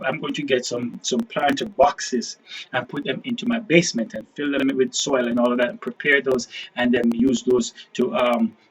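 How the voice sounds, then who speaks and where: A man's voice: mid-range voice, poor audio. A man hosting his own channel, talking casually to viewers in a rambling monologue, full of restarts and emphatic repeated phrases. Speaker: online preacher and channel host.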